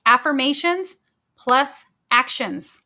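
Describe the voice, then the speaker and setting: A woman's voice: high voice, takes it slowly, pushed and bright. A woman hosting a motivational podcast on her own, talking energetically and emphatically and repeating her key phrases. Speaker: podcast host. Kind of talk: motivational solo talk.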